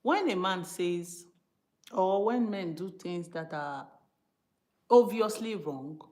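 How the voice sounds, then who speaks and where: A Nigerian woman from Benin City preaching informally to her live-stream viewers, emphatic and animated, slipping into pidgin and speaking straight to her audience. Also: fairly low pitch, slow. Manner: emphatic and animated, switching between English and pidgin, asides to the viewers. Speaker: live-stream host teaching from the Bible.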